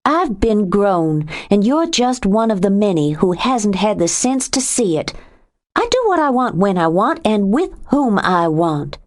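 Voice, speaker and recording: A woman narrator voicing a proud, sharp-tongued young woman in an audiobook. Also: medium pitch, big pitch swings, unhurried. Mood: indignant.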